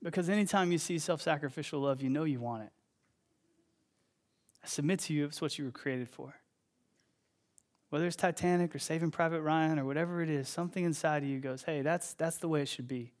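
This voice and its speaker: A young man preaching a sermon as pastor, telling stories with energy and loud bursts of emphasis. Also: fairly high pitch, fairly quick, long pauses.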